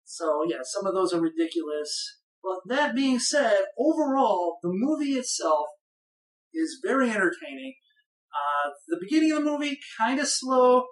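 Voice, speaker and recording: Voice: mid-range voice, very animated, moderate pace. A person giving a casual spoken film review in a rambling, conversational way, with bursts of enthusiasm. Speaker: movie reviewer. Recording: roomy echo, voice far from the mic.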